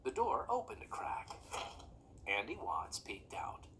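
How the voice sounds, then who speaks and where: A narrator reading a storybook aloud in a calm, even way. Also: mid-range voice, a little slow, a little hiss or hum.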